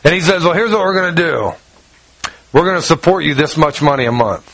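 A man's voice: animated, fairly quick, a bit bright, dry recording, poor audio. A man preaching a sermon, telling a personal story in a folksy way, acting out quoted dialogue and reading scripture. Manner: folksy storyteller, acts out quoted dialogue, drops low for asides. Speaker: pastor.

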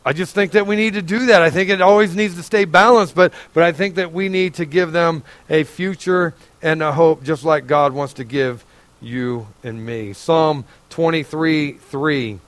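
A man's voice: on the high side, normal speed, a bit bright, no room sound. A middle-aged man preaching a sermon, fervent and folksy, pleading with his listeners. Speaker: pastor.

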